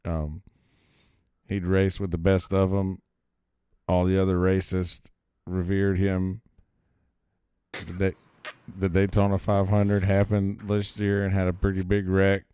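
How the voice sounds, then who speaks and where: Deadpan man with a low voice. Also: clear, resonant tone, no room sound. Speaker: comedian. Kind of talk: casual comedy podcast chat.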